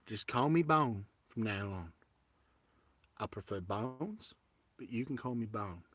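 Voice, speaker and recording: A man voicing a doting Southern American man with a slow drawl, who keeps pressing his point with affection. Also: fairly low pitch, animated, a bit bright, no echo, pitched below the performer's own voice. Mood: doting, insistent. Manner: insistent, affectionate.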